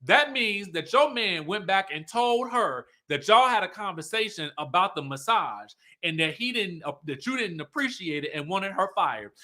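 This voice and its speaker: A man hosting a livestream recap of a reality show, sassy and animated, laughing often and talking straight to his viewers. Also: high voice. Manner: talks straight to viewers, reads their comments aloud.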